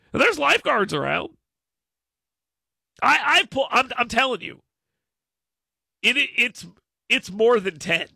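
High, lively, gravelly talk radio man. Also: no room sound, clean studio sound. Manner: ranting, exasperated, stammering restarts. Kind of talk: opinionated talk radio monologue.

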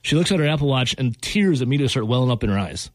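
A man's voice: medium pitch, rapid-fire, dry recording. A man hosting a radio show, telling a funny story in casual chat and laughing as he goes. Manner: animated, laughing anecdote teller.

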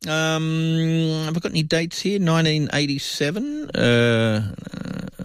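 A man's voice: a little high, expressive, slow, clean tone, no echo, clean studio sound. A man co-hosting a radio show, chatty and playful, reading out trivia. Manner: chatty, playful, slips into silly voices. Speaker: radio co-host. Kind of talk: casual radio chat.

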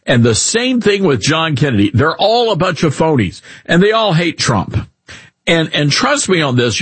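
A man with a Southern accent hosting a casual talk radio show, animated and mocking in tone. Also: a little high, slightly rough, dry recording. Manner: animated, mocking, puts on exaggerated drawls.

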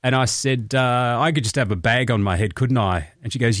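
A man's voice: medium pitch, normal speed, hardly any pauses, no echo. A man hosting a radio show, chatty and joking, laughing at his own quips. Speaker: radio host. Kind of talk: casual radio chat.

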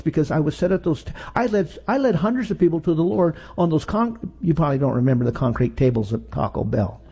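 A man in his sixties preaching a sermon, telling personal stories that swing from loud and high to low and hushed. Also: lively intonation, quick pace, hardly any pauses, slightly rough.

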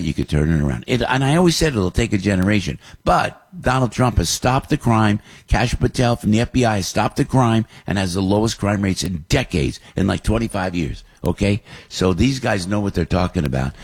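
An older man co-hosting a morning radio show, rambling and animated, husky and gravelly as he tells stories. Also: fairly low pitch. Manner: rambling, animated storytelling with restarts. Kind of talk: casual morning radio chat.

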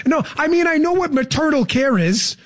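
Brief: incredulous male political talk host, sarcastic, high and swooping delivery. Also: animated, moderate pace. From Florida resident. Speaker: radio talk show host. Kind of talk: political commentary.

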